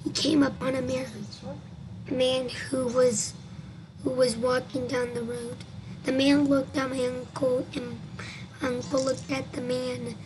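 A woman reading a scary story aloud, halting and restarting as she goes. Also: high-pitched, flat delivery, background noise. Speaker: story reader.

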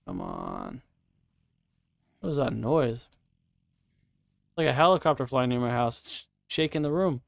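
A man's voice: mid-range voice, very animated, unhurried, vocal fry, long pauses, no echo. A man giving casual, profane live commentary while playing a game, chatting to himself and his viewers. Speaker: streamer.

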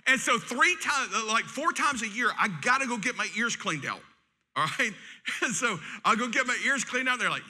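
A middle-aged man, preaching a sermon in a folksy, joking and animated way. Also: extremely high pitch, fairly quick. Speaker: pastor.

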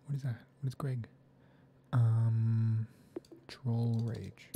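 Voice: medium pitch, level tone, very slow, creaky, pauses often, background noise. A gaming video creator thinks aloud while playing, rambling and often sliding into half-whispered muttering. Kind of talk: soft-spoken gaming commentary.

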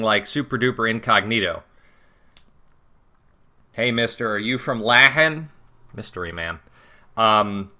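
A man casually commenting on a game, reading its lines aloud, swearing and joking with sudden loud outbursts. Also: mid-range voice. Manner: profane, joking, animated outbursts. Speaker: let's play commentator.

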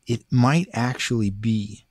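A man's voice: medium pitch, slow, a little mellow, dry recording, clean studio sound. A man hosting a podcast interview, thinking aloud in a reflective way. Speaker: podcast host. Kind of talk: casual interview talk.

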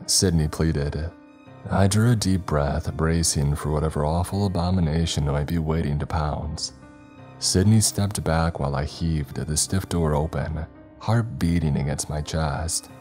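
A man narrating a first-person horror story in a measured, ominous way. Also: extremely low pitch, a little mellow. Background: faint background music.

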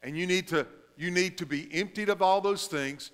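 Bright-voiced male pastor preaching. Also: high-pitched, clean tone, in a large hall. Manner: swings between emphatic and hushed, drawn-out delivery. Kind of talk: sermon.

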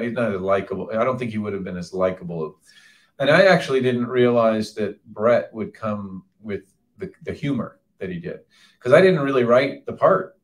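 A man, the film's director, talks to a theater audience after a screening. He tells his stories in a loose, relaxed way, often stopping to restart a sentence. His voice reaches the mic from a distance, so it sounds faint and roomy. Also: lowish voice. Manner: relaxed storytelling, halting restarts. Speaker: film director and writer. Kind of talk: live audience Q&A.

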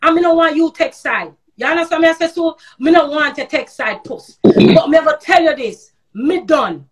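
A woman with a Jamaican accent delivers a heated livestream rant in a high, bright-pitched voice. She talks in thick patois, swears freely and keeps firing rhetorical questions at her listeners. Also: expressive, moderate pace. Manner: ranting, repeated rhetorical questions; patois slang and profanity. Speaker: social media personality. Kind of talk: heated live-stream rant.

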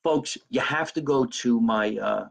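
Husky man from New Jersey, brash profane comic chatting live from his kitchen. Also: medium pitch, unhurried, poor audio. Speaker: comedian hosting a live stream. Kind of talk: casual live-stream chat. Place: home kitchen.

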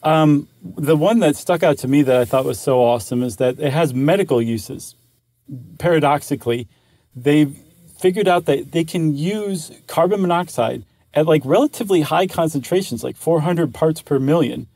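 A man's voice: fairly high pitch, normal speed, a little mellow, dry recording. A man co-hosting a casual podcast, chatting enthusiastically and rambling with restarts. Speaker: podcast co-host. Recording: dry close studio mic.

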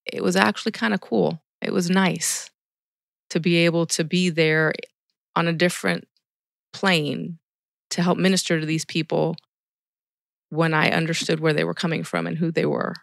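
A woman's voice: deep voice, lively intonation, moderate pace, vocal fry, pauses often, no room sound, studio quality. A middle-aged woman, a ministry volunteer, telling stories earnestly in a casual podcast interview. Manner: earnest storytelling with quoted dialogue.

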